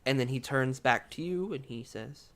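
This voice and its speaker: A man's voice: mid-range voice, normal speed, a bit bright. A man narrating a tabletop game as game master, casual and loose.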